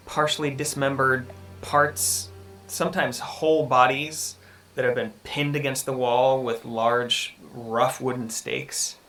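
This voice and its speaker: A man narrates a tabletop adventure as game master in an unhurried, deliberate way, filling pauses with ums. His pitch sits mid-range, and a faint ambient hiss lies under his voice. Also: pushed and bright.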